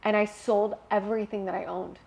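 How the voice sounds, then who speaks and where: A young woman guest telling a personal story in a candid interview, animated and emotional, laughing at times. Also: medium pitch, fairly quick, creaky.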